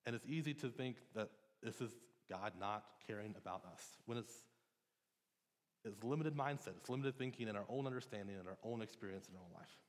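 A man's voice: on the low side, brisk. Earnest man preaching in a reverberant hall. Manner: conversational, earnest, with frequent restarts and ums. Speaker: pastor. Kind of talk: sermon. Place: church sanctuary. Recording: long reverb of a church hall.

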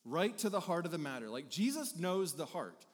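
A pastor delivering a conversational sermon, animated and repeating phrases for emphasis. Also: male voice, fairly high pitch, moderate pace. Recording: hall reverb.

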